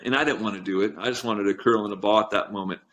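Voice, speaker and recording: A man's voice: lowish voice, steady tone, fast talker, fairly bright tone. A middle-aged man, a strength coach, telling personal stories in a casual interview and turning emotional about them. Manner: earnest storytelling, gets emotional. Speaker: podcast guest, strength coach.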